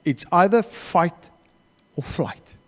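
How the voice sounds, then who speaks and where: A man's voice: sits high, takes it slowly, long reverb tail. A man with a South African accent preaching a sermon in a church, acting out the quotes he tells. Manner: animated, acts out quotes.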